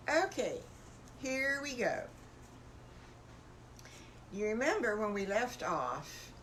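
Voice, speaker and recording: An older woman, a grandmother telling a bedtime story in a gentle, homey, folksy way. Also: mid-range voice, a little hiss or hum.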